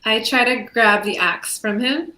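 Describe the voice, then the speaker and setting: A woman's voice: a little high, a little slow, pushed and bright. A woman podcast guest answering with dry wisecracks. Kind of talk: casual chat. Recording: echoey room.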